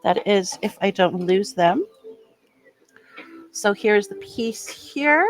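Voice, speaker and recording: A woman builds a kit on her toy unboxing vlog, chatting casually, rambling and poking fun at herself. Her medium-pitched voice is expressive and slow, and the recording sounds rough.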